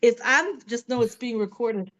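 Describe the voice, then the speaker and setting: A woman's voice: on the high side, normal speed, a bit bright, low-quality recording. A middle-aged woman teaching a Torah class online from home, chatty and full of "right?" asides. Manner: conversational, many fillers and "right?" asides.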